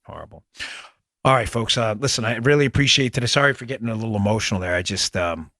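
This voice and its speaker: A man's voice: mid-range voice, rapid-fire, pushed and bright, dry recording. A man hosting a podcast, delivering emphatic, impassioned political commentary. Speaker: podcast host.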